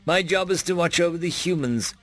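A man voicing an ancient male housekeeper of humanity who speaks wryly and calmly in a storybook reading. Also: on the high side, a little fast, soft background music, pitched above the performer's own voice, lightly acted. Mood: amused.

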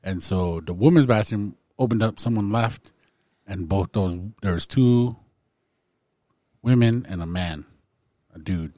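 A man hosting a casual podcast, telling a funny anecdote in an animated way. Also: on the low side, measured pace, pauses often, dry recording. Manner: animated storyteller, acts out voices in anecdotes. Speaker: podcast host.

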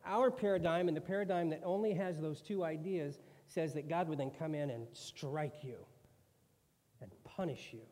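A man's voice: on the high side, normal speed, darkish tone. A man preaching a sermon in a conversational way, now and then acting out quoted voices. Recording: long hall reverb.

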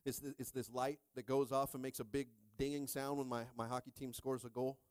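A middle-aged man pastor preaching a sermon with call-and-response, joking with the congregation and rising into shouted stretches. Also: medium pitch, level tone, fairly quick, no room sound.

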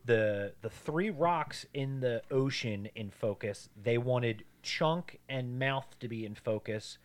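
Podcast co-host, male, mid-pitched, explains movie trivia casually, swears, does loud impressions. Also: slow pace. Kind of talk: casual movie recap chat.

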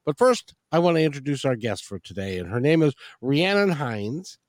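A man's voice: medium pitch, very animated, normal speed, no echo, studio quality. A man hosting a radio talk show, chatting loosely with many restarts and fillers. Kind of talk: casual interview.

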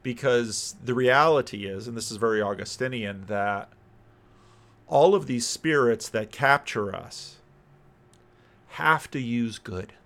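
A man's voice: medium pitch, unhurried, fairly bright tone. A man who is a Christian minister, giving reflective video commentary and thinking aloud, often repeating words and phrases.

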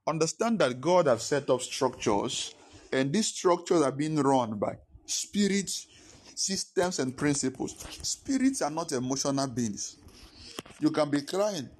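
A man's voice: fairly high pitch, animated, unhurried, husky. A male pastor preaching a sermon, emphatic and repeating his points. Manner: emphatic, repetitive teaching.

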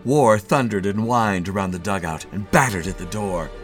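A man reading a short story aloud in an expressive, measured way. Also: fairly low pitch, faint music behind. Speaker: narrator.

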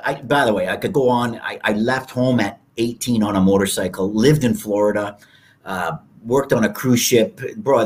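A man in his fifties, a podcast guest, telling stories and acting out quoted people in raised voices. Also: medium pitch. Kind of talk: storytelling interview talk.

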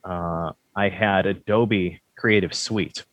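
A man's voice: sits low, steady tone, slow, a bit bright. A man hosting a podcast, chatting casually in a rambling, self-deprecating, joking way. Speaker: podcast host.

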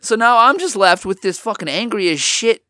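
Young male host, casual storyteller, a little high-pitched, heavy on slang and profanity, dry close sound. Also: lively intonation, normal speed, sharp tone, no echo. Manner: loose, profanity-heavy, full of "like" fillers.

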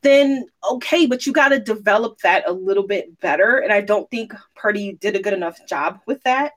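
A woman's voice: medium pitch, moderate pace, fairly bright tone. A woman co-hosting a casual book review podcast, critical and explaining her view at length. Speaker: podcast co-host.

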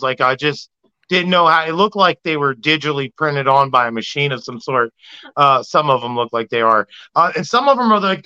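An animated man telling stories in casual podcast chat, laughing and swearing freely. His voice is bright and sits a little high. The audio is dull and lo-fi, like a remote call. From Maryland, US. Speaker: podcast guest.

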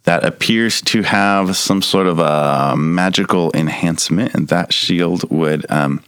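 Game master, male, very low voice, dry close sound, relaxed, halting narration. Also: smooth, no room sound. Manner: relaxed, halting, with many fillers and restarts.

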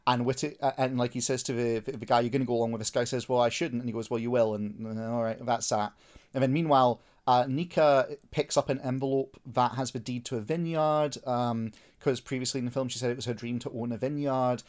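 A man's voice: mid-range voice, fairly even intonation, fairly quick. A man giving a blunt, mocking film plot summary in casual podcast chat.

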